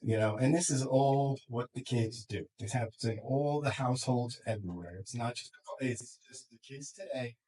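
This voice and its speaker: Animated man counselor talking to a group. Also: mid-range voice, rough recording. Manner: animated, acts out parents and kids in quick quoted voices, laughs often. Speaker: school counselor and life coach. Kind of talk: casual talk to a group. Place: room with students and parents.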